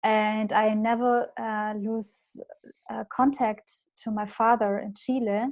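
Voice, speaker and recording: A woman in her thirties with a German accent, a native German speaker, talking as a podcast guest in a halting way and laughing often. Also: mid-range voice, flat delivery, darkish tone. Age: 30s. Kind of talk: casual interview chat.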